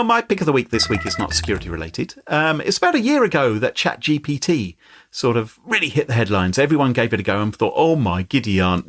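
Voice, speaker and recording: A man hosting a podcast in casual, jokey chat. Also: mid-range voice. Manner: jokey, playful, animated. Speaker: podcast host.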